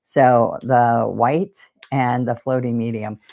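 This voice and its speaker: A woman's voice: extremely low pitch, fairly even intonation, slow, vocal fry, warm tone. A woman teaching a live painting lesson, chatting and wandering off topic as she demonstrates each brushstroke. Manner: chatty, digressive, talks while demonstrating.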